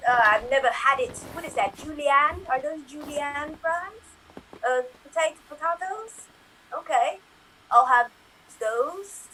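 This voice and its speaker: A woman voicing a sheltered, bewildered elderly royal man in a put-on upper-class English accent, hesitant and halting in an improv comedy scene. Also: high voice, pushed and bright, slight background noise, low-quality recording. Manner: hesitant, full of ums and halting restarts. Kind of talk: improv comedy scene over video call.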